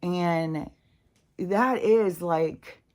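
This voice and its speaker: A woman's voice: on the low side, very slow, darkish tone. A woman vlogging from her chair at home, rambling casually with lots of fillers, restarts and swearing. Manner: meandering, swears freely, many fillers and restarts.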